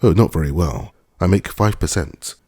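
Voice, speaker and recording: A man's voice: sits low, normal speed, dark tone. A man reading an earnest young landowner who asks plain questions.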